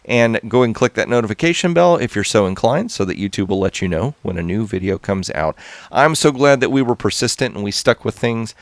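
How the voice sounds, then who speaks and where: Lively, low-pitched gaming host man. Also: a little fast, no room sound. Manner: excitable, talks to viewers while playing. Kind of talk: casual gameplay commentary.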